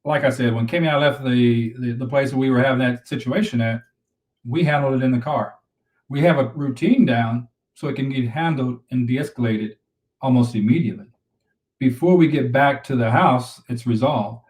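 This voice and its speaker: A man's voice: mid-range voice, moderate pace, darkish tone, recorded from a distance. Earnest man coaching couples, roomy sound. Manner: earnest, repeats himself, advice-giving. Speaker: relationship coach and co-host. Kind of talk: live-stream chat.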